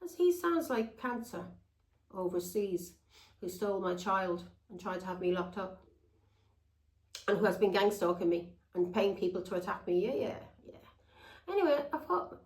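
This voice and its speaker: Blunt, sweary woman in a roomy space. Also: on the high side. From England. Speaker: tarot reader. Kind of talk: rambling personal story to viewers.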